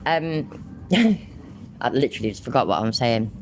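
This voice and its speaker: Lady ranting at home, lots of swearing, swoopy pitch, bit of hum behind. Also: expressive, normal speed. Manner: sarcastic, swears freely, laughs easily. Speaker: commentary channel host. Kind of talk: casual sarcastic commentary.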